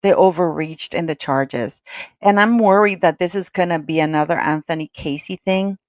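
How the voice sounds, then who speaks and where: A woman on a live call-in panel, talking in a chatty, excitable way with many restarts. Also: on the low side, normal speed, no echo, clean studio sound. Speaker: regular panelist. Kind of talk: casual live call-in chat.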